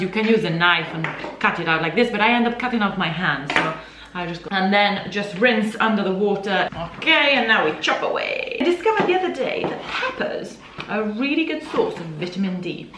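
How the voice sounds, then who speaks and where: A woman from Italy hosting a casual cooking demonstration in a home kitchen, chatty and slipping Italian words into her English. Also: mid-range voice. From Italy, grew up in Milan. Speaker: cooking video host. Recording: echoey kitchen with background music.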